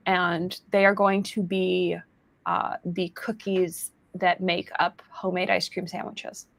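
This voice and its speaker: A woman hosts a relaxed podcast chat, wandering from one thought to the next with plenty of ums and easy laughs. Her voice has a gravelly, fried edge. It sits close and dry on the mic. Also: lowish voice, takes it slowly, no echo. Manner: rambling, chatty with fillers and laughs. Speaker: podcast host. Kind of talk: casual chat.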